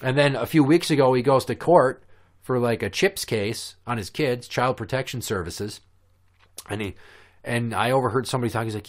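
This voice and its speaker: A man's voice: mid-range voice, fairly quick. A man hosting a casual podcast, telling stories in a blunt, sarcastic, profane rant. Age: adult with kids. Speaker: podcast host. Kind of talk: casual ranting podcast chat. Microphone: podcast microphone.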